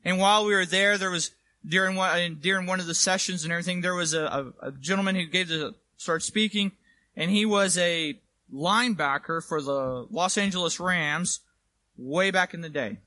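Bright, high-voiced preacher. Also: male voice, normal speed, no room sound. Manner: conversational and emphatic, asks "right?". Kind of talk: sermon. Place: church.

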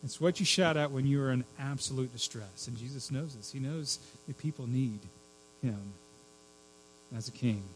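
A man preaching a sermon as pastor, dropping to a hush and then rising to loud cries for emphasis. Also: mid-range voice, moderate pace, slight background noise, poor audio. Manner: swings from hushed to shrieking for emphasis.

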